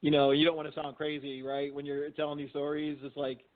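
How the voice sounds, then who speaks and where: A man's voice: a little high, completely flat delivery, brisk. A middle-aged man, a guest, telling stories casually and rambling, with lots of "you know" and restarts. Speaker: guest, physician and paranormal investigator. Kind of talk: casual storytelling in a phone interview. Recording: tinny phone line.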